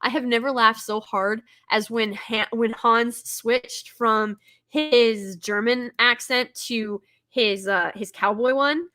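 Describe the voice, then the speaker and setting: Bright-voiced chatty woman. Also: fairly high pitch, steady tone, slow. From Texas. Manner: chatty, enthusiastic, many fillers and restarts. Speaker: host. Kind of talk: casual movie commentary.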